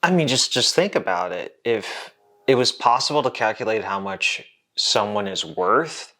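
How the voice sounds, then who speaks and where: A man's voice: fairly low pitch, expressive, normal speed, sharp tone. A man hosting an educational science vlog, explaining in a casual, jokey way with asides to the viewer. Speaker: host.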